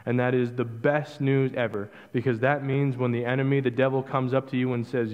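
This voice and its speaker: A man preaching a sermon as pastor, emphatic, acting out quoted lines in a conversational way and dropping to a hushed low voice on key words. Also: fairly even intonation, moderate pace. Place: church sanctuary. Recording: dull audio with long reverb in a hall.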